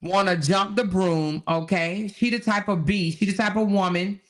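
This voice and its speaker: A woman hosting a casual live stream, talking to her viewers in an animated, incredulous way. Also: medium pitch, normal speed. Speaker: host.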